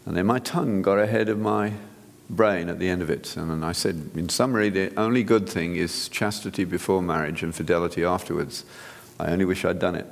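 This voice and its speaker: Earnest guy preaching, deep voice, echoey hall. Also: steady tone, a little fast, gravelly, few pauses. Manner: earnest, direct, with frequent restarts. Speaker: physician speaker. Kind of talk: sermon-style talk.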